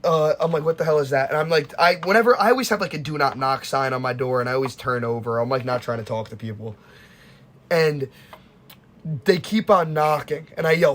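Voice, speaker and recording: A young man with a fairly high voice tells a college story on a casual podcast. He talks in animated bursts, and his pitch jumps when he quotes himself. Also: fairly quick. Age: young adult. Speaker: podcast host.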